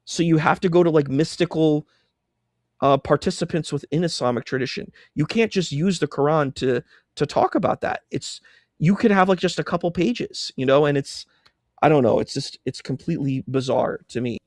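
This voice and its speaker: Exasperated man with a higher voice. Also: normal speed, no echo, clean studio sound. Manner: animated, exasperated. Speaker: guest. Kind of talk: casual livestream chat.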